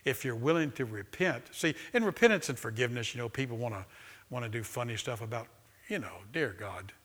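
A male pastor's mid-range voice carries lively intonation and a slightly bright tone as he preaches a little fast in a church sanctuary with a live congregation present. He goes back and forth between reading from a book and talking casually, asking questions and having the congregation repeat a line.

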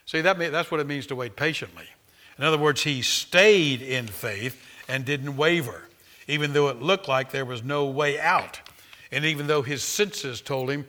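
Bright-voiced preacher man, swelling and dropping. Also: fairly high pitch, moderate pace. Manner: swings from loud exhortation to quiet intimacy, frequent hallelujahs. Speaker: pastor. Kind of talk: sermon.

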